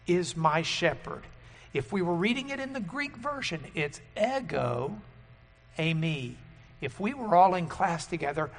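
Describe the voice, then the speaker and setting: A man preaching a sermon and teaching at a board, emphatic and loud on key words. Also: high-pitched, in a large hall.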